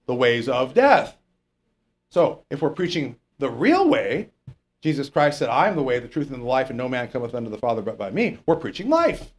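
A man preaching a sermon in church, lively and asking the congregation questions with frequent "okay?" checks. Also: mid-range voice, moderate pace. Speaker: pastor.

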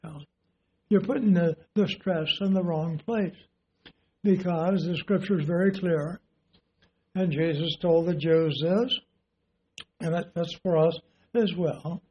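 A man preaching a sermon, teaching slowly and deliberately and asking his listeners rhetorical questions. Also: fairly high pitch, dull audio, slight background noise.

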